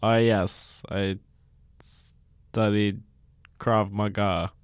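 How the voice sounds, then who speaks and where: A man doing an improv scene as a stiff Russian man named Vladimir, with a put-on Russian accent and hesitant, halting lines. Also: fairly low pitch, level tone, clear, resonant tone, no echo. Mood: deadpan.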